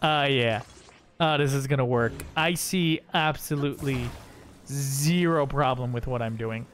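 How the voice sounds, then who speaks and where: A man streams a video game live, goofing around and chatting both to himself and to his viewers as he comments on the gameplay. His voice sits in the mid range with a slightly bright quality, and he speaks at a measured pace. There's a faint hiss or hum in the audio.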